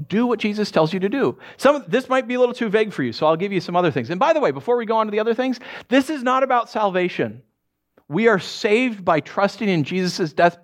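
Lively, animated man preaching. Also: high voice. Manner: animated, conversational preaching with jokes and asides. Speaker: pastor. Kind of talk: sermon.

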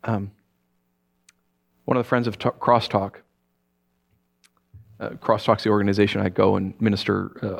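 A middle-aged man preaching a sermon as pastor, telling stories with a joking, animated manner and quick put-on voices. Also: on the low side, vocal fry.

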